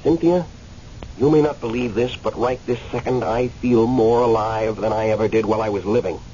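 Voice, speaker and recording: The voice is a man's, on the low side and dark, with fairly even intonation, a moderate pace, and only light acting. He plays a newly dead man in limbo in a radio drama, angry and pleading, earnest and agitated, who stammers hesitantly at times before becoming impassioned. It's a muffled radio recording with a faint hiss.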